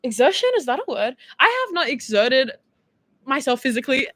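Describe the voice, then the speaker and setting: A woman's voice: high voice, sing-song, brisk, fairly bright tone, no room sound. A young Australian woman in her early twenties, chatting casually and giggling as she reads viewer texts on a stream. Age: 20s. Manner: chatty and giggly, lots of fillers. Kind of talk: casual chat.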